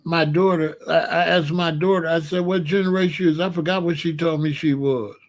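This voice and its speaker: A man's voice: a little high, moderate pace. Incredulous older man telling stories. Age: 60s. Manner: animated, incredulous storytelling with laughs. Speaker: comedic host. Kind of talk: rambling comedic monologue.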